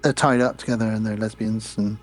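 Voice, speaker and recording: A man's voice: fairly low pitch, fairly even intonation, a little fast. A man co-hosting a podcast, retelling movie scenes in casual chat with blunt, crude jokes. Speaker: podcast co-host. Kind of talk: casual film recap chat.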